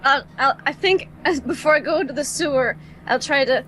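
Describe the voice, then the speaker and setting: A woman's voice: sits high, moderate pace, fairly bright tone, slight background noise, poor audio. A woman playing in a tabletop game, speaking in playful, joking banter. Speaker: player. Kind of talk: casual tabletop play.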